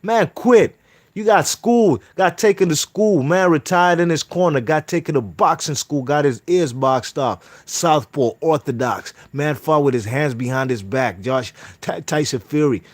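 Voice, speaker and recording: Male boxing commentator, heated and profane, shouting his rant at full tilt. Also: fairly high pitch, a little slow, no echo. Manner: profane, heated, repeats "you know what I mean". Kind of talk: reading quotes then ranting commentary.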